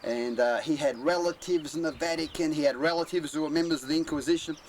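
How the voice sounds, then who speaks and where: A man's voice: fairly high pitch, fast, reverberant, a little hiss or hum, lightly acted, poor audio. An Australian man telling a crude, swearing yarn with acted-out voices. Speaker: storyteller.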